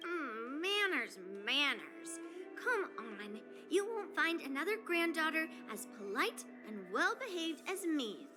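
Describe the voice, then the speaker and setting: A woman playing a spirited young swordswoman and proud granddaughter, lively and cheeky in manner, heard over game music. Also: high-pitched, takes it slowly, full character voice.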